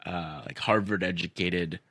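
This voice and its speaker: Young male podcast host, deep bright voice, rambling profane storyteller. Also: steady tone, unhurried, husky, no room sound. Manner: profane, rambling with many fillers. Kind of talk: casual storytelling chat.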